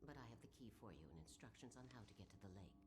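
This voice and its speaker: An actress playing a creepy old woman who speaks in a hushed, menacing half-whisper. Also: extremely low pitch, animated, rapid-fire, over music. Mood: sinister. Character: sinister old woman in black, creepy and insinuating.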